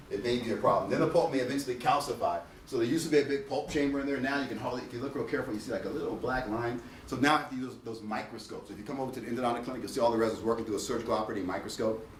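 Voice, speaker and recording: A man giving a lively, jokey dental lecture, mimicking patients to make his points. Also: a little hiss or hum. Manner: acts out patients in a high whiny voice, jokey. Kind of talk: animated classroom lecture. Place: lecture hall. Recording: echoey lecture hall, voice from a distance.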